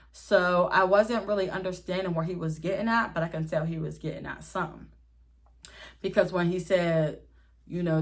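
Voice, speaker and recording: A young woman tells a casual storytime to her viewers, animated and laughing, with frequent swearing. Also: medium pitch. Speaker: vlogger telling a story.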